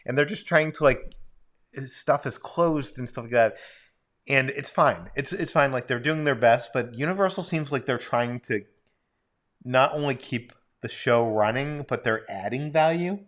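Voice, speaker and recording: A man's voice: mid-range voice, unhurried, fairly bright tone. Laid back guy cohosting a livestream, rambles a bit, reads out the super chats. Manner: easygoing, rambling, reads viewer questions. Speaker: co-host. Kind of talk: casual livestream chat.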